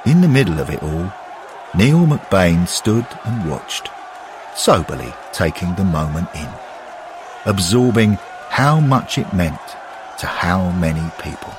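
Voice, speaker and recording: A male storyteller narrates at an unhurried, measured pace, his low voice rising and falling expressively. His tone is slightly husky. A long reverb lingers after each phrase. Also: sing-song, crowd noise, background noise. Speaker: audiobook reader.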